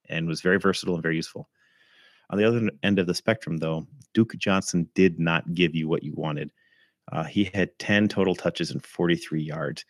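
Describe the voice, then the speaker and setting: Casual male podcast host, very low voice, a bit hoarse, chatty with filler words. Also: no room sound, clean studio sound. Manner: conversational, frequent ums and throat clearing. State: slightly hoarse, something in his throat. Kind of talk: casual fantasy football recap.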